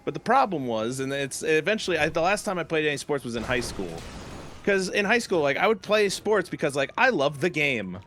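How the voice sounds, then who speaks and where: Young guy, casual gaming-stream chatter, lively animated delivery, slightly high voice, faint noisy background. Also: a little fast. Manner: animated storytelling, laughs often. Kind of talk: casual chat while gaming.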